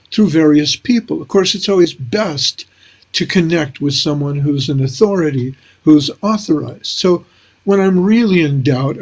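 An older man hosting a casual interview, talking in a reflective, rambling way with many fillers. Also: on the high side. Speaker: host.

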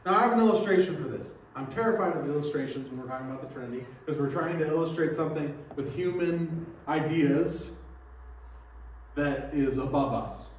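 In a church sanctuary, a pastor preaches earnestly, explaining his points and posing rhetorical questions. His voice is a little high and a little fast. The mic is distant in an echoey hall, with slight background noise.

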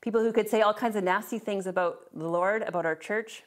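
A woman's voice: medium pitch, fairly quick. A woman teaching a Bible class, explaining scripture in an earnest way and reading verses aloud, with a few restarts along the way.

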